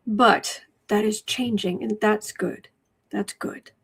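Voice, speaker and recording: A woman hosting a casual livestream at her desk, reading viewer comments aloud and often dropping into soft asides. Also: medium pitch, steady tone, gravelly, slightly rough. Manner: slow, drops to soft asides and whispers. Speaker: livestream host reading chat. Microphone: desk microphone.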